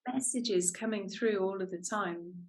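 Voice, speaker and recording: A woman's voice: mid-range voice, measured pace. Candid woman telling a personal story. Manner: candid storytelling, self-reflective, laughs easily. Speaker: podcast co-host. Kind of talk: casual conversational chat.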